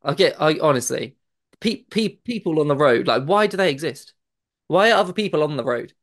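A man co-hosting a podcast with a strongly gravelly voice and a very animated pitch. He chats in a joking, exasperated way, often stumbling and restarting mid-sentence. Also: a little fast. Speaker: podcast co-host. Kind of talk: casual podcast chat.

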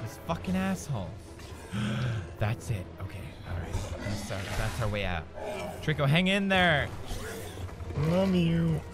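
A man giving let's-play commentary on a video game, excitable and swearing a lot, shouting during fights. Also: mid-range voice, a little slow, long pauses. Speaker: gamer. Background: game music.

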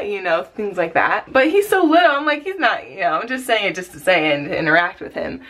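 A young woman and mother vlogging in a casual, gushing, excitable way, often squealing with delight. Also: medium pitch, quick pace, few pauses. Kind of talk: casual vlog talk to camera.

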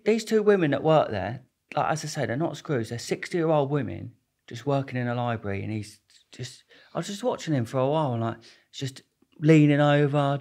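A young man, a podcast guest telling stories in a rambling, slangy way with plenty of swearing and restarts. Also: mid-range voice. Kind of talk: casual storytelling interview.

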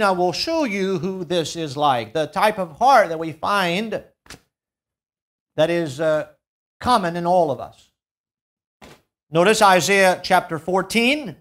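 A male pastor preaching a sermon in a church, swinging from loud, emphatic peaks to low, quiet drops and drawing out key words as he reads scripture. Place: church sanctuary.

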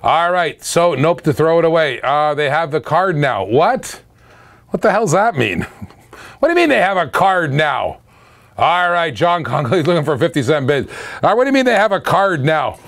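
A man's voice: fairly high pitch, big pitch swings, normal speed, gravelly, fairly bright tone. A middle-aged man from Canada hosting a live auction stream, calling bids, laughing and chatting with viewers.

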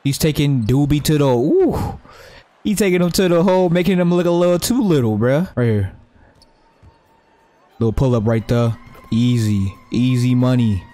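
A young man giving live, profane, trash-talking commentary over his own basketball video game play, breaking into sudden excited yelps. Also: medium pitch, moderate pace, soft background music. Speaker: gaming YouTuber.

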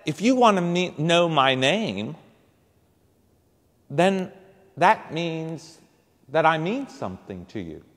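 A man, a priest, voicing a homeless young man who speaks quietly and hesitantly. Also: fairly high pitch, very animated, slow, pauses often, pitched below the performer's own voice. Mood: humble. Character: soft-spoken homeless young man, humble. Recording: reverberant church hall.

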